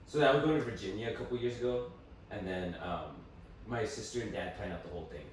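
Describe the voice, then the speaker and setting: A young man, a podcast co-host, chatting casually and telling stories animatedly, swearing freely. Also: fast talker. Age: young adult. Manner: animated storyteller, swears freely, mimics family in high voices. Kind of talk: casual chat. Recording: echoey room, distant mic, faint noise.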